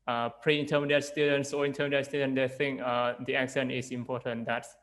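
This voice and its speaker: Heard on a low-quality recording, this young man from Laos has a medium-pitched, level voice with a fairly quick pace and a fairly bright tone. He teaches English and chats casually in an interview, speaking with a Lao accent, hesitating often, and restarting with plenty of fillers.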